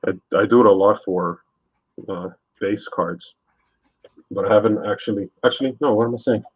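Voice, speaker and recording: A laid-back, husky man rambles through casual chat on stream as he paints, leaning heavily on fillers. His voice sits on the low side at normal speed, and the sound is dry and tinny like a phone, with no echo.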